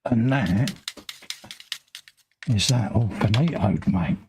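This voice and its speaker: A man with a London accent and a gravelly voice, co-hosting a casual live stream and bantering while he tidies his workbench. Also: lowish voice, lively intonation, takes it slowly, darkish tone, a little hiss or hum. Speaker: livestream co-host.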